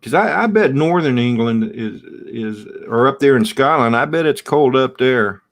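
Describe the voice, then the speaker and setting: A man's voice: medium pitch, lively intonation. A middle-aged man hosting a casual live stream from home, rambling and chatting back to viewer comments in front of his camera. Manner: slow, rambling, reads out and answers viewer comments. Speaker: livestream host.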